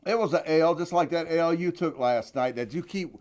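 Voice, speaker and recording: A man co-hosting a sports podcast, teasing and needling his partner, with bursts of loud ribbing. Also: fairly high pitch, normal speed. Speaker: podcast co-host. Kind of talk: casual sports banter.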